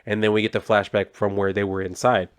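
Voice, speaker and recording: A man's voice: fairly low pitch, brisk, smooth. Rambling young man reviewing a comic. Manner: rambling, filler-heavy, relaxed.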